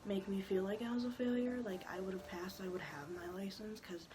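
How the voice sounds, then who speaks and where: A woman's voice: mid-range voice, fairly quick, rough recording. A woman in her twenties telling a personal story in a casual, rambling way with lots of filler words. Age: 20s. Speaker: vlogger.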